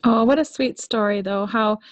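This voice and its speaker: A woman with a fairly high voice chats on a podcast, responding warmly to her co-host's story. Her manner is casual and interested. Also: normal speed. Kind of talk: casual chat.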